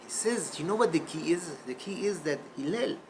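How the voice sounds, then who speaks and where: A man teaching a Torah class in a classroom, telling a story in an animated way. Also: high voice, normal speed, noisy background. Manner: animated storyteller, shifts voice for quotes. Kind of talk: storytelling lecture.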